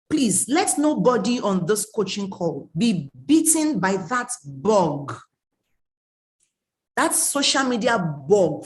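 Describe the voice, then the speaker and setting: A woman, giving an emphatic online coaching talk, scolding and repeating her warnings. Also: a little high. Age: late 30s. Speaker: mentoring coach.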